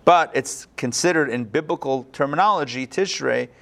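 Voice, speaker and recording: A rabbi teaches a live class over a video call, talking in a lively, chatty way while he thinks aloud and restarts sentences. He has a gravelly, medium-pitched voice and speaks at a normal speed.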